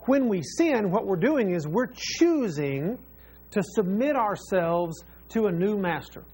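A man's voice: high-pitched, sing-song, slow pace, darkish tone, slightly rough. A man preaching a sermon as pastor, earnest and repeating phrases for emphasis.

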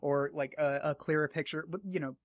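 A man's voice: fairly high pitch, fairly even intonation, fairly quick, dry recording, studio quality. A man hosting an interview, rambling and eager as he thinks aloud, and losing his voice. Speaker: podcast host interviewing an author. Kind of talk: casual interview chat.

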